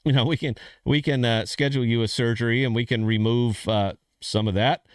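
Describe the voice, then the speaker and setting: A man voicing a doctor in a joke, calm and matter-of-fact, with a slow, reassuring bedside manner. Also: medium pitch, smooth, dry recording, studio quality, lightly acted.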